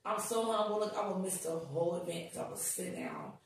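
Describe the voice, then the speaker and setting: A woman guest on a podcast, telling stories in casual chat, animated and swearing as she acts out what people said. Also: fairly low pitch, brisk. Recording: echoey room, distant mic.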